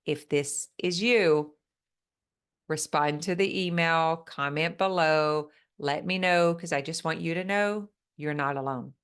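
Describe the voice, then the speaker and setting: A woman business coach speaking in a calm, soothing way, walking listeners through a guided relaxation exercise. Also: deep voice, a little slow, smooth.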